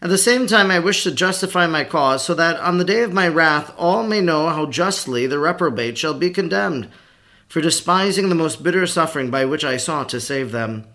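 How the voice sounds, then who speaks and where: A man reading aloud the words of Christ, a meek and solemn grown man, in a measured, solemn way. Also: on the high side, lively intonation, bright, forceful tone.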